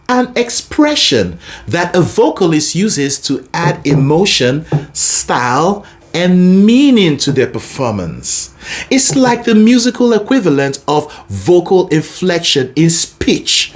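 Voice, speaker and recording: A man teaching a singing lesson as a vocal coach, talking in an expressive, demonstrative way. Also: slow pace. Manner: expressive, demonstrative, lively pitch.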